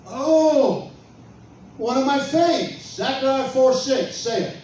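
A man preaching and telling stories, building to loud, emphatic declarations. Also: very high-pitched, expressive, takes it slowly, lo-fi sound. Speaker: pastor. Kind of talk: preaching testimony. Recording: echoey room, far from mic, faint noise.

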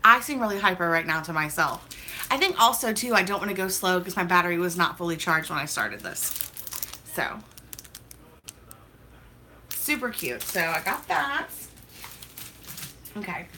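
A woman's voice: on the low side, expressive, normal speed, long pauses, bright, forceful tone, a little hiss or hum. A young woman vlogging as she opens mail, talking in a hyper, chatty, gushing way. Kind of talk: casual mail-opening vlog.

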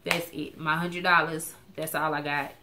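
A woman's voice: low voice, little pitch movement, normal speed, background noise. A woman, chatting candidly to her viewers about her budget. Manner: chatty, candid, with frequent restarts. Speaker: vlogger sharing her budget. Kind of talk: casual chat to camera.

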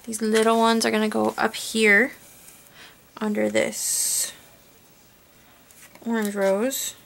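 A woman narrating her card-making tutorial in a relaxed, chatty way, thinking aloud as she works. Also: on the high side, moderate pace, vocal fry, slight background noise. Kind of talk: casual crafting tutorial voice-over.

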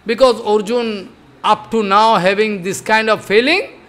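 A man's voice: sits high, a little slow, fairly bright tone. An older man giving a devotional discourse, chanting verses and explaining them with repeated emphatic phrases. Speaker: spiritual teacher.

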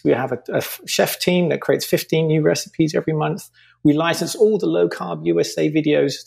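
A man's voice: fairly high pitch, gravelly, a little mellow. A man speaking as a podcast guest in an interview, earnestly making his case with figures and examples. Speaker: podcast guest, company founder. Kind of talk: interview conversation.

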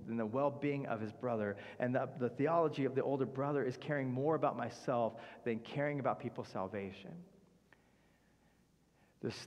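A man preaches in a relaxed, chatty way, slipping in "like" and briefly voicing the characters he describes. He is at a middle pitch, and his voice carries a long reverb tail from the church sanctuary around him. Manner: conversational preaching, acts out characters' speech with fillers like "like". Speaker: pastor. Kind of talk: sermon.

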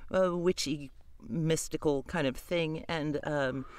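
A man's voice: fairly high pitch, slow, noisy background. A man co-hosting a podcast, talking casually about narrating audiobooks in a blunt, wry, profane way. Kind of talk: casual chat.

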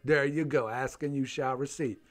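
A man in his thirties, a slightly hoarse gaming host, chatting playfully and teasing his young son while they play, laughing often. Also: mid-range voice, fairly even intonation, moderate pace. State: a little hoarse, losing his voice. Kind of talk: casual gameplay commentary.

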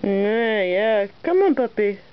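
A woman's voice: mid-range voice, lively intonation, slow. A woman coaxing her dog in a sing-song voice while grooming it, filmed on a home camera. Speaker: pet owner. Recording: dull home video with faint noise.

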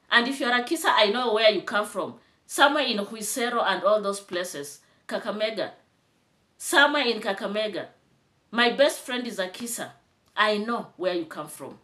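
Bright-voiced Kenyan woman vlogging. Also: medium pitch, expressive, normal speed. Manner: chatty, rising to indignant scolding. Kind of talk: casual commentary vlog.

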